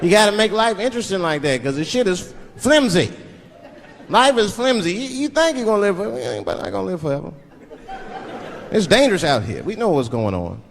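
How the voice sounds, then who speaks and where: Profane stand-up comic in an echoing hall. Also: male voice, high voice, very animated, brisk. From Washington DC. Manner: loose, profane storytelling. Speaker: stand-up comedian. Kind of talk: stand-up comedy set. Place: large live theater. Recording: live echoing hall with loud audience.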